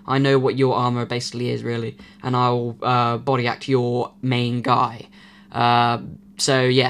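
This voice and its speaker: A man hosting his own channel, talking casually and rambling with many fillers while he loses his voice. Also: mid-range voice. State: losing his voice. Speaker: YouTube channel host. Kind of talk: casual vlog announcement.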